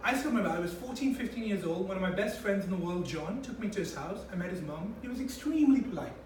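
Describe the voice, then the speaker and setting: A young man from India with an English accent that still carries some Indian traces, performing a swearing, animated stand-up set for a few friends. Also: sits high, fast, a little hiss or hum. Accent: Indian-English, mostly English. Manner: animated, acting out voices, swearing. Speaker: stand-up comedian. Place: small room with a few friends. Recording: echoey room from a far mic, faint ambience.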